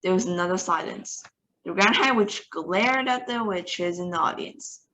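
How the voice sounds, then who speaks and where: A woman narrates a children's novel aloud. Her delivery is steady and expressive, as in an online reading session. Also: lowish voice, measured pace, poor audio. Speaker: storybook reader.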